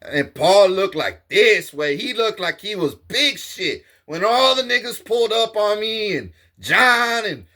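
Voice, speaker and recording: Recounting a confrontation in a casual monologue, this man speaks in an unhurried way with hardly any pauses, his voice high, expressive, bright, and forceful. The story is heated, profane, and streetwise, with quotes he acts out.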